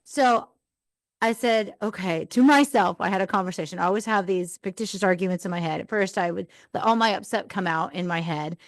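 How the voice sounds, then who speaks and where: A woman's voice: medium pitch, brisk, no echo. Earnest woman podcaster, dry sound. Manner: earnest, rambling storytelling. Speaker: podcast host. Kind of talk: live podcast monologue.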